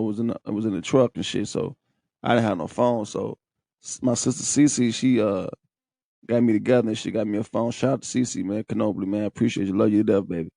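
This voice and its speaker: A young man recounts his own story on a podcast, candid and profane with open emotion. His voice has a gravelly, fried edge at a middling pitch. The sound is dry and close, with no room around it. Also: darkish tone, dry recording. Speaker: podcast host. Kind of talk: casual personal storytelling.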